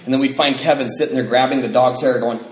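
Talking fast in a steady, medium-pitched voice, a man gives a personal recovery testimony before a live audience. His telling is loose and filler-heavy, and he laughs through the grim moments; the room echoes and there's faint noise behind him.

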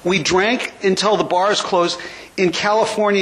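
A man's voice: high-pitched, measured pace, a bit bright, rough recording. An older man from the United States telling his story with wry humor at a recovery meeting, in a conversational way. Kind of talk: storytelling talk.

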